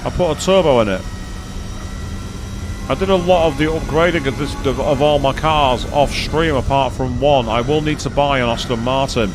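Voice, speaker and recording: A man chatting excitedly as he commentates his own racing game play, thinking aloud to viewers. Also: mid-range voice, normal speed, background noise. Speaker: gaming streamer. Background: game music and engine sounds.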